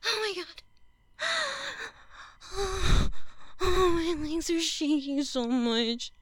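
A woman's voice: very high voice, animated, extremely slow, no room sound. A woman streaming live, breathless and gasping, talking in pleading bursts. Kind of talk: intimate adult live stream.

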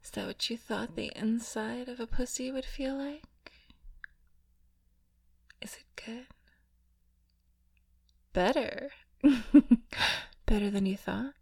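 A woman performing a whispered role-play in an intimate, coaxing way, with soft laughs. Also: fairly high pitch, slow, creaky, long pauses, breathy edge.

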